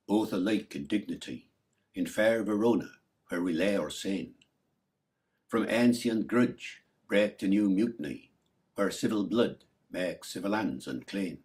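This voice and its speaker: An actor reciting a verse prologue in Early Modern English original pronunciation, measured and declamatory. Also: male voice, deep voice, darkish tone. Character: male stage chorus speaking a solemn prologue.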